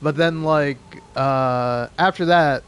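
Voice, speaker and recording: A man's voice: a little high, slow, soft background music. Rambling, cursing East Coast American guy. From southeastern United States. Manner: rambling, profane, full of restarts. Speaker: let's play host. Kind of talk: casual gameplay commentary.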